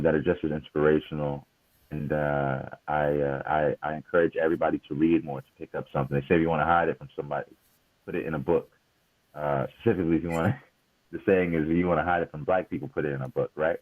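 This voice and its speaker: Deep-voiced man on a tinny line. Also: no room sound. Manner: upbeat, speaks straight to listeners. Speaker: podcast co-host. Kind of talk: casual podcast talk.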